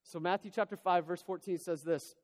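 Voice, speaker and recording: A man delivers a sermon in a large church hall, telling a story in a lively, conversational manner. His voice sits a little high for a man. The sound carries a long reverb from the hall. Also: fairly quick. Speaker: pastor.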